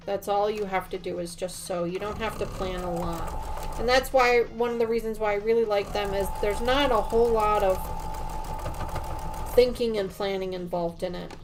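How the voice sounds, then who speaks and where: Chatty woman rambling while she sews. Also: mid-range voice. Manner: chatty, rambling, many ums and restarts. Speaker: quilting livestream host. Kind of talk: casual chat while sewing.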